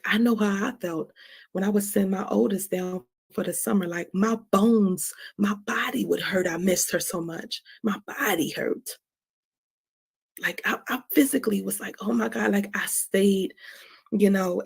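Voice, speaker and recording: Woman with a rough husky voice, talking real open and personal, keeps going "right?", swears a little. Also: mid-range voice, a little mellow. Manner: frank, emotional, confessional, swears now and then; repeats phrases and tags sentences with "right?". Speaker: host of her own live stream. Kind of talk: candid personal talk on forgiveness.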